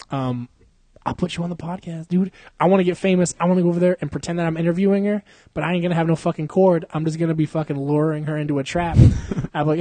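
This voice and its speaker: A young man chats casually on his podcast, swearing freely and breaking into laughter. His voice sits a little high, and the sound is dry and close. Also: fairly even intonation, fast, a little mellow, no room sound. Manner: crude, joking, laughs often, swears a lot. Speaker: podcast host. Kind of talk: casual chat.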